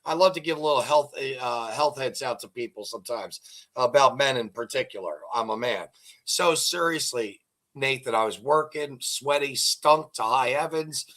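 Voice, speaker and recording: A middle-aged man hosts an interview, chatting casually and spinning long, rambling jokes and stories. His voice is medium in pitch and a bit bright, at a normal speed.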